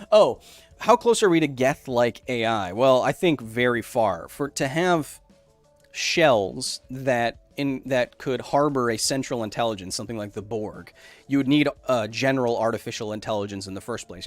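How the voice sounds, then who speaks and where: Rambling man hosting a science livestream. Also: medium pitch. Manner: rambling, self-interrupting, loose explanations. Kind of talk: casual live chat, reading viewer messages.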